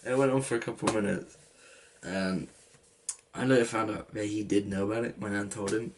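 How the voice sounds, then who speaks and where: Over some background noise, a late-teen vlogger with an English accent talks a little fast in a fairly low, steady voice. He rambles casually through a story, packed with "like" and restarts.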